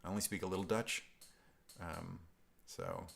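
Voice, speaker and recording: Low-voiced man hosting a live stream. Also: fairly even intonation, normal speed, vocal fry, a bit bright. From upstate New York. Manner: rambling, self-interrupting, chuckling. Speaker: host of a guitar live stream. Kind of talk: casual live-stream chat reading viewer comments.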